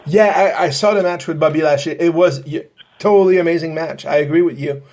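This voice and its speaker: Man, somewhat high voice, podcast host, rambling questions, halting. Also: darkish tone. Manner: rambling, halting, many fillers and restarts. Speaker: podcast host, paranormal investigator. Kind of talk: casual podcast interview.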